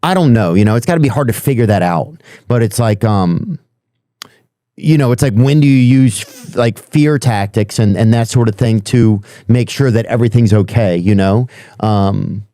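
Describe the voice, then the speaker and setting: A man's voice: lowish voice, moderate pace, mellow, no echo, studio quality. A man hosting a podcast, asking questions in a casual, hesitant and rambling way with many fillers. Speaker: podcast host. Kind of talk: casual interview chat.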